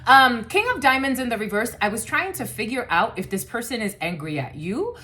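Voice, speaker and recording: A woman's voice: a little high, lively intonation, fairly quick, sharp tone. A woman giving a casual, chatty collective tarot reading, cursing freely and using many fillers. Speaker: tarot reader.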